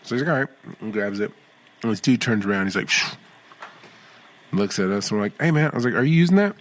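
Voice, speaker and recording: A middle-aged man, a podcast co-host, chatting casually and acting out quoted lines loudly as he tells stories. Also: on the low side, fast. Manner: animated storyteller, acts out quotes loudly. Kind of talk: casual chat.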